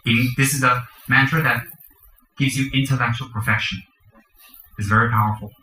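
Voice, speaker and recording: A man's voice: medium pitch, steady tone, normal speed, sharp tone, roomy sound, a little hiss or hum, poor audio. A man, a Buddhist teacher, giving a dharma teaching to a group, chanting mantras and explaining the practice with joking asides.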